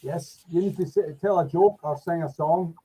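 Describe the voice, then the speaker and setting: A man's voice: fairly high pitch, moderate pace, dark tone, husky, rough recording. A man, a guest on a live stream, talking in a modest, self-deprecating way with chuckles. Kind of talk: casual live-stream chat.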